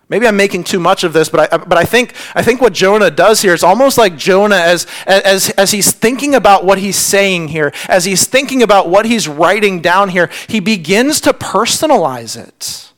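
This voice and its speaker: Male pastor, higher voice, earnest sermon delivery with hushed drops. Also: animated, normal speed, hardly any pauses. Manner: earnest, repeats words when stressing points; drops to a hushed near-whisper on key lines.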